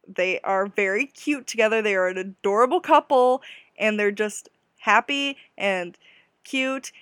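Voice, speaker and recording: A woman's voice: medium pitch, measured pace, fairly bright tone, no room sound, studio quality. A young woman hosting a casual solo podcast, gushing and giggly with self-deprecating asides. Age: young adult. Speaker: podcast host.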